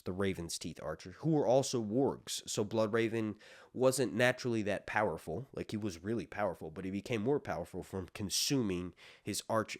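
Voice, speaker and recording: Casual male podcaster, low-pitched, dry close mic, rambling delivery. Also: no room sound. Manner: rambling, full of fillers and casual swearing. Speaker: podcast host. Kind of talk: casual lore commentary.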